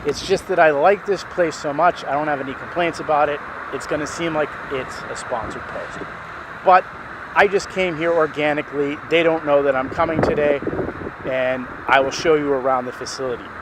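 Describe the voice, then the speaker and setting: A man's voice: fairly high pitch, moderate pace, background noise. A man giving an enthusiastic, chatty walkthrough of a car dealership showroom. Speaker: car vlogger. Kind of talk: casual walkthrough narration.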